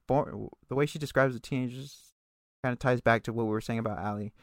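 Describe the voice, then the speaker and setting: A man with a gravelly, fry-laden voice talks through a recap in relaxed, casual chat. He is loose and profane, and he throws in quick asides. The sound is dry and close, with no room around it. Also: mid-range voice, dry recording. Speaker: podcast co-host recapping a TV episode.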